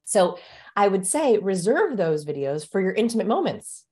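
A woman guest expert explaining things in a brisk, emphatic way during an interview. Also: mid-range voice, big pitch swings, dark tone.

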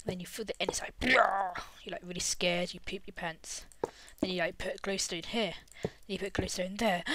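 A woman's voice: medium pitch, fairly bright tone, a little hiss or hum. A woman casually commenting on her game while building, rambling and easily distracted, now and then breaking into little hums.

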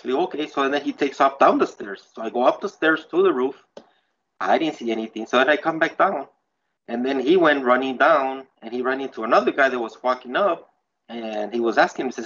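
A man's voice: medium pitch, brisk, creaky, a bit bright. A man who works at a water treatment plant, telling a spooky story in a rambling, casual way and acting out what people said. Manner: rambling, many restarts, acts out quotes. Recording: slightly dull with faint background noise.

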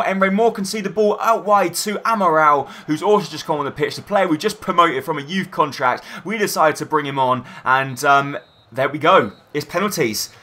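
A young man commentating his own football video game match, shouting in bursts at goals and misses. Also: a little high. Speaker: gaming YouTuber.

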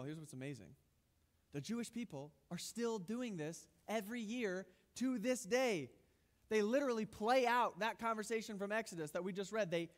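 A man's voice: sits high, in a large hall. A male pastor giving a sermon in a conversational, emphatic way with light humor.

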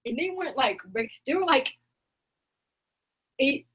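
A young woman co-hosting a casual live-stream chat, gossiping in an animated way that swings from loud outbursts to hushed asides. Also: high-pitched, unhurried, poor audio. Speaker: co-host.

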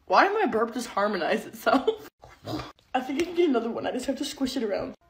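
A woman's voice: a little high, a little hiss or hum. A young woman making a comedic phone vlog at home, giggly and dramatic, squealing in mock pain. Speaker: comedy content creator.

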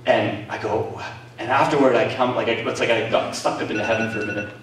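A man with a Canadian accent preaching a sermon as pastor, telling stories in an animated way with laughter and exclamations. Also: medium pitch, quick pace. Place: church meeting hall. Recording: echoey room from far off, faint noise.

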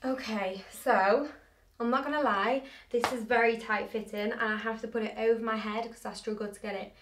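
A woman's voice: on the high side, fairly even intonation, moderate pace, fairly bright tone. Bubbly woman in a roomy space. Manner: chatty, bubbly, hyped up on coffee. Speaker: fashion vlogger. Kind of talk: casual try-on haul chat. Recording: roomy echo, distant mic, faint noise.

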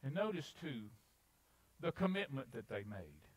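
Animated preacher delivering a sermon. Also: male voice, medium pitch, unhurried, breathy edge, low-quality recording. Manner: animated, dramatic scripture reading. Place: church sanctuary.

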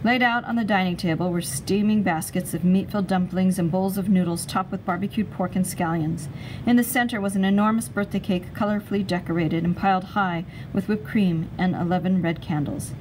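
A woman narrating a chapter book aloud in a steady, expressive storytelling voice. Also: lowish voice, brisk, background noise. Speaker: reader.

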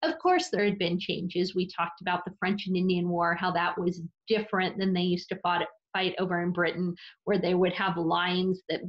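A woman's voice: on the low side, flat delivery, moderate pace, hardly any pauses. Dull-sounding woman teaching a history lesson. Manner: explanatory, conversational, with fillers and self-corrections. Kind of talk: recorded remote history lesson. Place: her office.

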